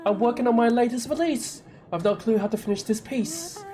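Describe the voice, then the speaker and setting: A game streamer voicing a flamboyant, self-important male poet, reading game dialogue in a grandiose, drawn-out theatrical style. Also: medium pitch, expressive, warm tone, voice pushed up, natural voice.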